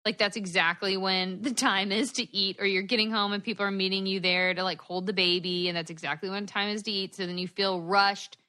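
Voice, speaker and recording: A woman co-hosting a podcast in casual chat over a video call, a tired new mother talking in a bubbly, animated way with lots of laughter. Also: medium pitch, clear, resonant tone. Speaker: podcast co-host. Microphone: headphones on a video call.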